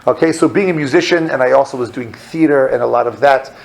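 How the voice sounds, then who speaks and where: A man in his thirties from the American South, a rabbi telling a personal story to an audience, animated and acting out dialogue in different voices. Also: mid-range voice, quick pace, gravelly, rough recording. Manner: animated, acts out dialogue in voices, many fillers. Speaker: rabbi giving a talk.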